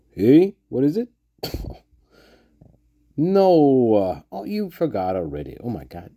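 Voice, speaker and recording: A man's voice: mid-range voice, wildly swooping pitch, takes it slowly, creaky, mellow, no room sound, studio quality. A man hosting his own channel in a casual, rambling vlog, joking around and laughing often. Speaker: channel host.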